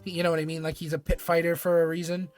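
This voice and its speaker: A man's voice: on the high side, monotone, rapid-fire, soft background music. A man hosting a live stream, joking, laughing and swearing as he walks through an episode. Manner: profane, joking, laughs often. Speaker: streamer host. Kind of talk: casual live-stream commentary.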